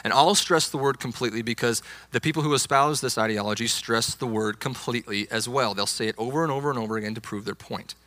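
Bright-voiced man preaching emphatically. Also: medium pitch, quick pace, hardly any pauses, no echo. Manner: emphatic, insistent preaching with stressed key words. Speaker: youth pastor. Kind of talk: sermon.

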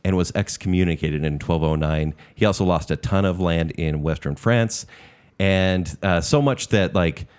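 A man co-hosting a casual podcast, telling history stories in a lively, playful way. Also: sits low, normal speed, clear, resonant tone. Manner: animated storyteller who acts out historical figures. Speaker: podcast co-host. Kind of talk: casual chat, storytelling.

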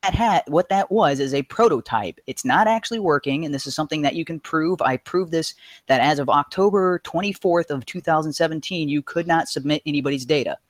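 A man calling in to a live show, talking fast and emphatically with frustration and profanity. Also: a little high, no echo, clean studio sound. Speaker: caller. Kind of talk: heated call-in rant.

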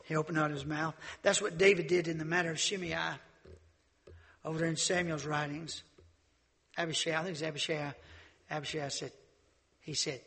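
Fervent preaching man, gravelly, in a reverberant hall. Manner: fervent preaching, swings from shouts to low asides; acts out Bible characters in quick dialogue. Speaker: pastor. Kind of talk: sermon.

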